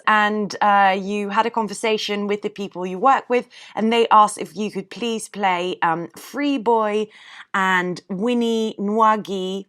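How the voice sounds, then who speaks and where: A woman radio host speaks slowly and unhurriedly. She sounds admiring and picks her words with hesitant fillers as she hands over to a song. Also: mid-range voice, a bit bright. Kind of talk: radio interview hosting.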